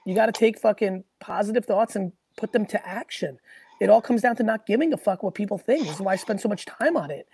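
A man hosting a live call-in Q&A show, answering callers in a blunt, profane, emphatic way that often rises to shouting. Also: high voice, lively intonation, quick pace, gravelly, breathy edge. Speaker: host answering callers' questions.

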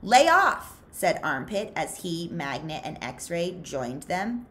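A woman reading a children's novel aloud for a library, expressive and unhurried. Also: sits low. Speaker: library read-aloud host.

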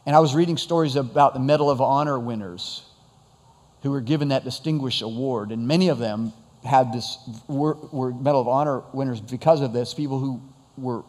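A man's voice: mid-range voice, a little fast, darkish tone. Preaching man in an echoing church hall. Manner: conversational preaching with rhetorical questions. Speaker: pastor. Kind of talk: sermon.

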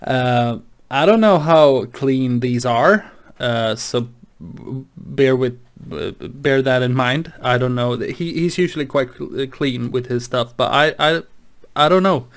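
A man's voice: mid-range voice, takes it slowly. A man hosting his channel, chatting casually late at night in a rambling, hesitant way with many restarts. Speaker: gaming channel host.

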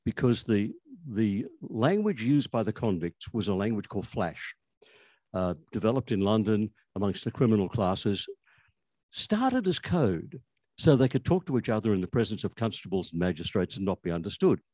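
An older Australian man, an author on language history, speaks at a normal speed in a fairly low, mellow, sing-song voice. The recording is dry, and his anecdotal talk is full of restarts.

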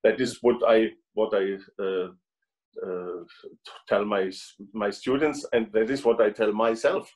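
Non-native German man, halting and repetitive, casual video-call guest. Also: on the low side, steady tone, a little mellow, low-quality recording. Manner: halting, repeats words while searching for them. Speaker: guest trumpet player.

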